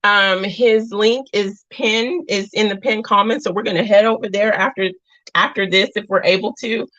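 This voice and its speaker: A middle-aged woman hosting a casual livestream, chatting warmly and affectionately with her viewers, calling them girl and mama. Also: medium pitch, fairly even intonation, normal speed, dry recording. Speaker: livestream host. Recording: dull lo-fi dry sound.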